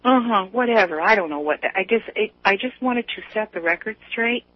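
A man's voice: sits high, lively intonation, fairly quick, no echo. A man on a call-in radio show, rambling in casual chat with many fillers and restarts, heard over a phone line.

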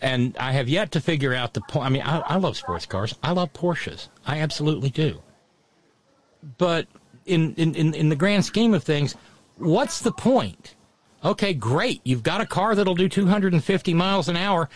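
A man's voice: a little high, lively intonation, normal speed. A man telling stories in a casual political chat, wry and mocking.

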